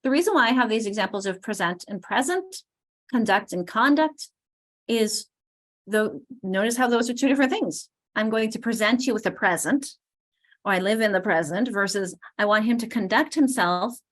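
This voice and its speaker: A woman's voice: medium pitch, fairly quick. A middle-aged woman leading a teacher training, explaining ideas as she goes with frequent restarts. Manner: explanatory, thinks aloud with restarts. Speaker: literacy trainer.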